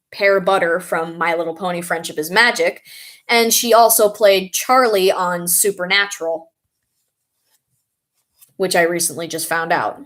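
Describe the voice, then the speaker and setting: This young vlogger's voice is on the low side but fairly bright in tone. She chats casually while answering comments, rambling a bit and stopping now and then to recall names.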